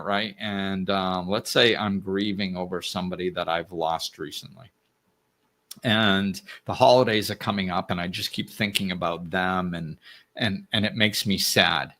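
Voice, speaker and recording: A man hosting his own show, talking earnestly and reassuringly in a reflective solo talk, often restarting his sentences. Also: lowish voice. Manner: earnest, gently reassuring, with frequent restarts and "you know". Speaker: podcast host.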